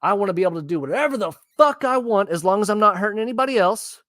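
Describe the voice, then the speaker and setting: A man's voice: high voice, animated, very fast, a bit bright, no echo. A man ranting bluntly and profanely while reacting to the news in casual commentary. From Texas. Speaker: political commentary host.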